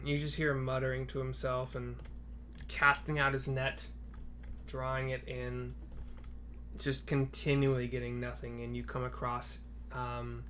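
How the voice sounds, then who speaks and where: A man's voice: medium pitch, moderate pace, a little hiss or hum. A man running a tabletop game as game master, narrating casually with fillers. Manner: relaxed, with fillers, breaks into laughs.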